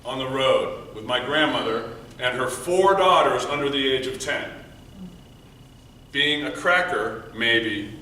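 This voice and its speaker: A man giving a prepared storytelling speech at a speech contest, earnest, moving between loud emphasis and quiet, hushed passages. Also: medium pitch, animated, slow. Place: meeting room before an audience. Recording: echoey room, mic from far off, faint noise.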